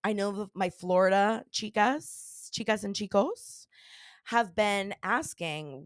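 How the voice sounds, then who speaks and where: Bubbly woman podcast host, lively voice. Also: mid-range voice, normal speed, no echo, studio quality. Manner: bubbly, rambling, laughs often. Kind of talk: casual podcast chat.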